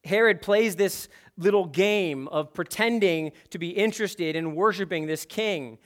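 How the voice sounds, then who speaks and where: A man preaching an expository sermon, emphatic and building to forceful peaks. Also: high-pitched, measured pace. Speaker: pastor.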